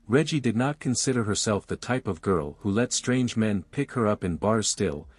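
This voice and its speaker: A male narrator with a lowish voice reads a romance audiobook in an even, smooth manner. The sound is close and dry, with soft music playing beneath. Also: dry recording.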